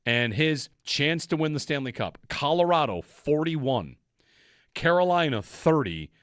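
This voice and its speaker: A man's voice: a little high, lively intonation, unhurried, fairly bright tone, dry recording, studio quality. A man hosting a sports radio show, talking in a conversational, analytical way. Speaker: radio host. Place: radio studio. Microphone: studio microphone.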